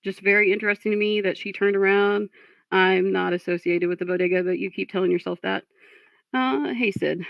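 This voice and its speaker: Frustrated woman streamer with gravelly voice. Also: medium pitch, fairly even intonation, brisk, no room sound. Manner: frustrated, blunt, swears at trolls. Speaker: livestream host. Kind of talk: casual livestream talk reading chat. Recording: dull lo-fi stream audio.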